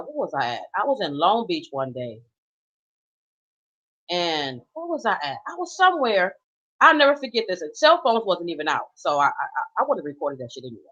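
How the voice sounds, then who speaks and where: A middle-aged woman, a mother and grandmother, delivers an emphatic, unscripted personal rant, swearing freely. Her voice is on the low side and a bit bright, in a slightly dull, lo-fi recording.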